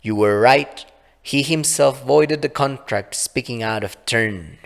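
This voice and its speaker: A man's voice: medium pitch, slow pace, gravelly. A man voicing a cruel, smug female fairy who speaks in a sneering, condescending way, with a long reverb on the recording.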